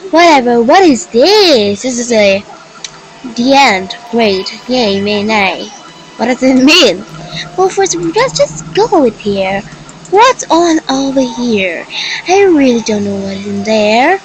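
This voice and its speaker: A young woman commenting on her game with excited exclamations and slightly broken phrasing. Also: a little high, low-quality recording. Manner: gushing, exclaims often, slightly broken non-native phrasing. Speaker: gaming video creator.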